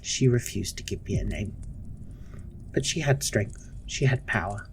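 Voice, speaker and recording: A man's voice: fairly low pitch, measured pace, slight background noise. A man voicing a stern, strict orphanage matron in a tabletop game, talking in a harsh, lecturing way over faint music. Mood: hushed stern. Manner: harsh, lecturing, pleading when trapped.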